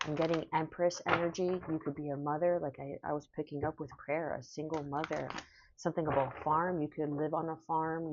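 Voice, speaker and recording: A woman giving a spiritual tarot reading in a soft, slow, emotional and affirming way. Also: low voice, background noise. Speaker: tarot reader. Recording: dull, lo-fi sound.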